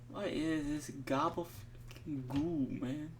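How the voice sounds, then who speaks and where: A man's voice: high-pitched, lively intonation, moderate pace. A man thinking aloud while coding, muttering to himself, exasperated and swearing casually. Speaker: streamer coding on camera. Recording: distant mic with faint background noise.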